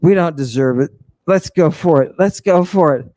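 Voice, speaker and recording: A man giving a theatrical, teasing lecture to a live audience, swinging between hushed asides and sudden shouts. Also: on the high side, expressive, moderate pace, dry recording.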